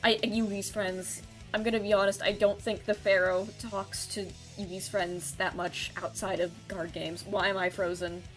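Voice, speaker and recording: A woman's voice: mid-range voice, little pitch movement, normal speed, hardly any pauses, faint music behind. A woman streamer chatting casually while she plays, rambling through a recap with many ums and restarts. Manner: rambling recap with filler ums and self-corrections. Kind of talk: casual gameplay stream chat.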